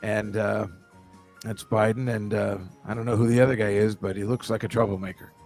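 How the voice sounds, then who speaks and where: A man hosting a casual talk show, rambling and halting with lots of fillers. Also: on the low side, little pitch movement, gravelly, a little mellow, soft background music. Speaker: podcast host. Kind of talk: casual chat.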